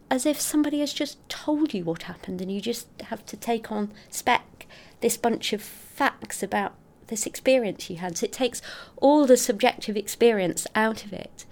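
A middle-aged woman, a scientist explaining her research in an interview, articulate and expressive. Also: medium pitch. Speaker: scientist guest.

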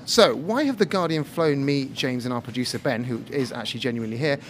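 A man's voice: mid-range voice, quick pace, slight background noise. A man hosting a science podcast from a café, presenting a scripted show with a wry, joking delivery. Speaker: podcast host.

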